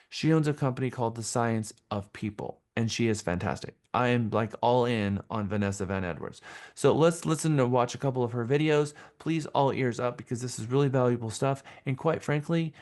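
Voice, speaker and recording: Guy running a sales training, mid-pitch voice, pumped up and emphatic. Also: moderate pace, darkish tone. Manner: enthusiastic, emphatic, repeats phrases for stress. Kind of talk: live training session.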